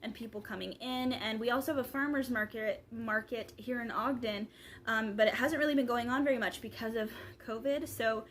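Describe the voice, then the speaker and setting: A chatty young woman talks straight into her camera mic, rambling along with plenty of ums and likes. Her voice sits a little high for a woman, with a faint hiss of background noise behind it. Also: fairly even intonation, a little fast, a bit bright. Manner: rambling, chatty, lots of fillers. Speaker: vlogger. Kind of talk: casual vlog chat.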